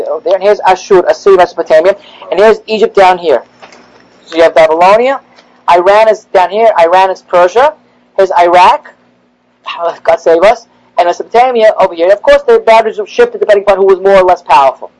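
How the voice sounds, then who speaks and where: A rabbi gives a classroom lecture, growing animated and rising in pitch as he acts out the prophets' complaints. The audio is poor.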